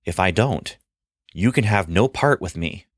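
A man voicing a calm, gentle adult male teacher in a storybook reading, speaking in a soft, measured and kind way. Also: low-pitched, dry recording, clean studio sound.

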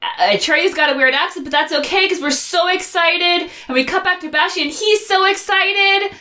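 Woman cohost, bright sharp voice, giggly and quick in casual podcast chat. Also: very high voice, a little hiss or hum. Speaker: podcast co-host.

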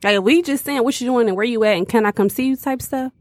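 A woman's voice: fairly high pitch, fast talker, darkish tone, no echo. A woman co-hosting a casual podcast chat, speaking frankly and firmly about her opinions. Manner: frank and matter-of-fact, firm opinions. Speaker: co-host.

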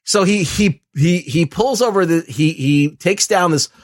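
A man's voice: high voice, no room sound, studio quality. A man co-hosting a podcast, retelling movie scenes casually with many fillers and restarts. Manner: halting, lots of "like" and "uh", laughs. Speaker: podcast co-host.

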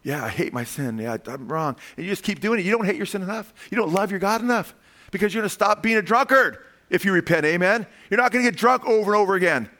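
A man preaching a sermon as pastor, animated, calling "amen?" to the congregation and acting out voices as he tells stories. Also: high-pitched, fast. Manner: acts out quoted voices in storytelling.

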